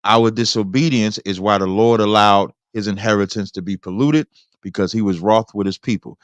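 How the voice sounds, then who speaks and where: A man hosting a debate who reads scripture aloud in a preacherly way, slowing down for the verses. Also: lowish voice, fairly even intonation, no echo. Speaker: host.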